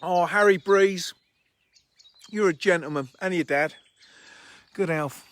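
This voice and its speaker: Chatty guy with a high voice. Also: slow pace, fairly bright tone, no echo. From England. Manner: rambling, blunt, chummy. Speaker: livestream host. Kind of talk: casual livestream chat reading viewer comments. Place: outdoors by a fishing lake.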